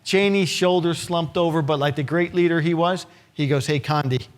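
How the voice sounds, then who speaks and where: A man's voice: a little high, steady tone, moderate pace. Man telling a dramatic story on stage. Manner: vivid storytelling with acted-out quotes and wry asides. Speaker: keynote speaker. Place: conference hall with a live audience.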